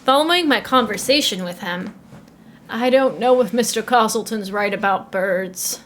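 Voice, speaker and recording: A woman's voice: mid-range voice, moderate pace, fairly bright tone, slight background noise, natural voice. A woman reading the narration of a courteous, earnest young male reporter in her own voice. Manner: mild, courteous, slightly unsure. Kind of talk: first-person game narration read aloud.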